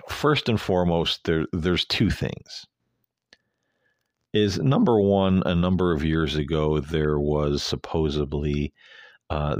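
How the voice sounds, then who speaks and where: A man's voice: a bass voice, no echo. A man hosting an earnest, rambling monologue, talking casually with lots of fillers into a close mic. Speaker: host.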